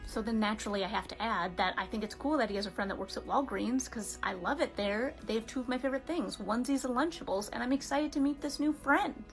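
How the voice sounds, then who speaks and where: A woman in her twenties telling a comedic story as a vlogger, with sarcastic, deadpan asides. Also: a little high, fast, few pauses, faint music behind.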